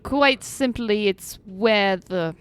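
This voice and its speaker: A woman narrating a tabletop game as game master, with a dry, deadpan delivery. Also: medium pitch, slow pace, clear, resonant tone, no echo.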